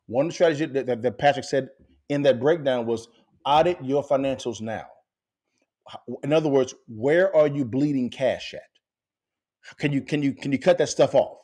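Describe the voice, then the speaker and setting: A man's voice: medium pitch, moderate pace, long pauses, darkish tone. A male podcast host speaks in a mid-range voice, emphatic and preachy. He keeps putting questions straight to his listeners and repeats them for effect. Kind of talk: direct-to-camera finance commentary.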